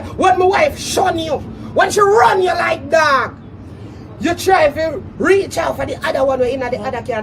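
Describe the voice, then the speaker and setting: Very high-voiced Jamaican man ranting. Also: recorded from a distance, noisy background. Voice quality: shouty patois, loud laughter between threats. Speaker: social media personality. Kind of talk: angry diss rant to camera.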